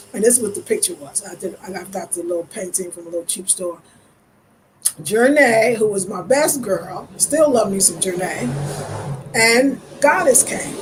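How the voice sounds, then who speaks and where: A woman's voice: medium pitch, noisy background. A woman from the United States giving an earnest, searching personal monologue as a vlogger, building her points through rhetorical questions. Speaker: lifestyle vlogger.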